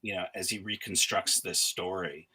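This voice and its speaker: Brief: middle-aged male academic guest, low husky voice, tense delivery, halting and reflective. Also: steady tone, pushed and bright, rough recording. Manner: thoughtful, halting, many restarts and fillers. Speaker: guest scholar. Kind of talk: conversational interview.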